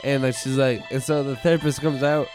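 Brief: young male podcast co-host, rambling and crude, middle pitch, faint music underneath. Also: flat delivery, brisk. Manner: rambling, crude storytelling with put-on voices. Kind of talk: casual chat.

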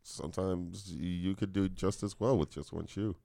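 A man's voice: low voice, fairly even intonation, normal speed, creaky, mellow, no echo, clean studio sound. A man co-hosting a podcast in laid-back, profane casual chat. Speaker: podcast co-host.

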